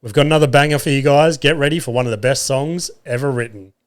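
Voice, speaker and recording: A man's voice: medium pitch, quick pace, clear, resonant tone. A man in his thirties with an Australian accent, hosting a podcast and telling wry, profane stories in a casual chat. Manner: profane, wry, lots of filler and acted-out quotes. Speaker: podcast host. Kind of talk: casual comedic storytelling. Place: home room.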